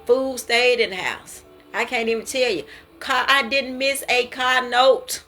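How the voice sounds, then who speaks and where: A woman's voice: a little high, steady tone, measured pace, pushed and bright, soft background music. A woman giving an informal devotional talk, earnest and repetitive, testifying and urging listeners to stop stressing. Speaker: devotional speaker. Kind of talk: informal preaching.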